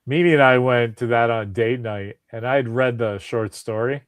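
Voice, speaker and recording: Guy hosting a podcast, chatty and animated, tells stories and does the voices, medium-pitched, dry close sound. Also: moderate pace, no room sound. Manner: animated storyteller, acts out quoted voices. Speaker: podcast host. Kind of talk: casual chat.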